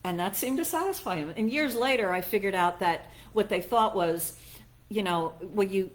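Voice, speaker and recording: A woman's voice: medium pitch, lively intonation, normal speed. Middle-aged woman minister telling stories. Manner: chatty storytelling, laughs at herself, acts out quoted voices. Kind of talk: conversational sermon with personal stories.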